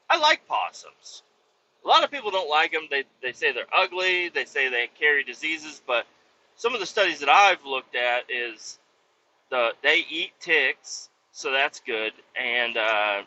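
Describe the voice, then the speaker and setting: A man's voice: mid-range voice, highs cut off. A man from Kansas, a truck driver, telling profane, rambling stories from his cab while driving and acting out the voices of people he quotes. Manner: profane, animated, acts out quotes. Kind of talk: casual rambling storytelling.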